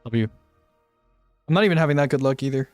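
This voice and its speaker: A young man streaming a game live, chatting to viewers in slangy, swearing, excitable gamer talk. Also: medium pitch, fast, dry recording, soft background music. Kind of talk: live gameplay commentary.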